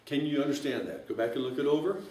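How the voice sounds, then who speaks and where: Talking fast with lively intonation, this man has a medium-pitched, slightly mellow voice picked up from a distant mic. He's a math teacher walking through algebra step by step with jokey, folksy remarks. The room echoes and there's faint hiss.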